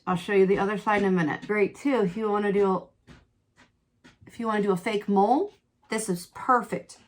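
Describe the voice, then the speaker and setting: Working through her makeup tutorial, a middle-aged woman tells a personal story in a mid-range voice. The beauty vlogger is frank and often exclaims as she goes.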